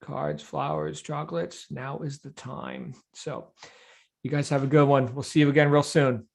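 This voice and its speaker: A man's voice: on the high side, steady tone, normal speed, gravelly, a little mellow. A middle-aged man hosting a daily group video call, chatty and encouraging. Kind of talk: casual upbeat hosting.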